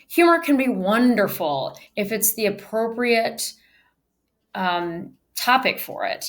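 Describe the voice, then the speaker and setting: A woman teacher giving a recorded virtual lecture on public speaking, emphatic and shifting her delivery to show how things should be said. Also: mid-range voice. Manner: emphatic, varies delivery to demonstrate. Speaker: speech teacher.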